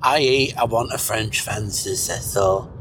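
A man's voice: lowish voice, a bit bright, slight background noise, pitched below the performer's own voice. A man voicing a sleepy, mumbling man who fakes a clumsy French accent, full of hesitations. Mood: droning. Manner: slow and mumbling, with many hesitations.

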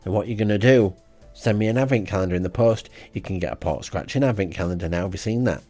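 Deadpan man, low-pitched, rambling comic diary host, faint music underneath. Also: quick pace. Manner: deadpan and rambling, with frequent ums. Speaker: comedy podcast host.

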